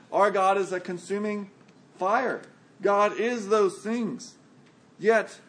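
A man with a notably high voice delivers a sermon. He speaks in measured, deliberate phrases, slowing down for emphasis and sinking almost to a hush on the key words. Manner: measured preaching with slow emphatic phrasing and dramatic drops to a hush. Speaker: pastor.

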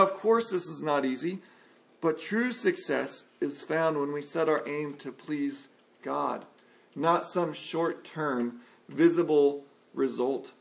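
A man preaching an earnest sermon, sometimes acting out a frustrated listener's complaints. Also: creaky. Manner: earnest, acts out complaining voices with rising pitch.

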